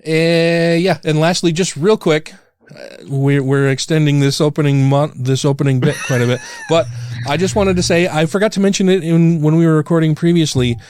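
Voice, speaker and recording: A man in his thirties with a smooth, resonant voice, chatting as a podcast co-host. He rambles through stories full of fillers and jokes at his own expense. His pitch leaps whenever he acts out his own worry, and the sound is dry and close. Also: moderate pace, darkish tone, no echo. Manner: rambling, self-deprecating storytelling with lots of fillers; jumps high when acting out his own panic. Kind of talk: casual chat.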